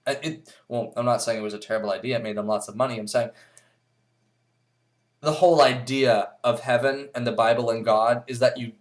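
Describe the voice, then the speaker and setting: A man vlogging in a casual monologue, rambling and blunt, swearing freely and filling pauses with "uh" and "um". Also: medium pitch, fairly even intonation. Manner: rambling, blunt and profane, with many fillers.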